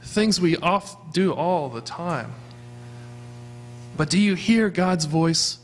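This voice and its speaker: A man's voice: fairly high pitch, expressive, takes it slowly, pauses often, a little hiss or hum. A man preaching a sermon as pastor of a church, earnestly asking his congregation questions. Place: church sanctuary.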